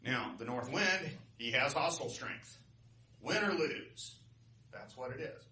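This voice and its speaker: Casual guy telling stories to a class, bright voice, echoey room, mic far off. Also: mid-range voice, animated, unhurried. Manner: casual, chatty, checks in with "right?". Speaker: storytelling teacher. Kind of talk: live class storytelling. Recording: roomy live class, distant mic, faint noise.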